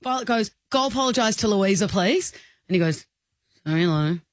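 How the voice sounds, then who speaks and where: A woman co-hosting a radio show, telling a story with lively mimicry of voices. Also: mid-range voice, normal speed, dry recording, studio quality. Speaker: radio co-host. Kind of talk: casual radio banter. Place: radio studio. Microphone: studio mic.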